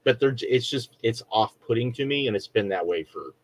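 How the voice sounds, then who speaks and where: A man's voice: medium pitch, animated, a little fast, rough recording. A middle-aged man co-hosting a podcast, chatting casually and rambling through a review with lots of fillers and restarts. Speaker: podcast co-host.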